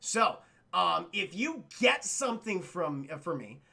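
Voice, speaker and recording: A man putting on a creepy old prisoner, wheedling and persuasive, with a high, gravelly voice. He coaxes with a bright, pushy edge. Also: big pitch swings, measured pace, exaggerated voice.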